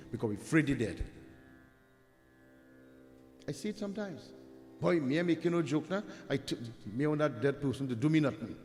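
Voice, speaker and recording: A man preaching a devotional sermon, emphatic and repetitive, addressing his listeners directly. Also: mid-range voice. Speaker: Hindu preacher. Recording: reverberant hall with faint music.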